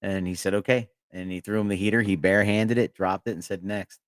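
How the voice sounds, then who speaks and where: This man sits at a podcast mic and spins long, meandering anecdotes, stumbling over restarts and breaking into laughter. His voice sits on the low side and sounds close and dry. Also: fairly even intonation, quick pace, no echo. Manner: rambling anecdotes with frequent laughs and profanity. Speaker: podcast co-host. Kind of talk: casual storytelling chat.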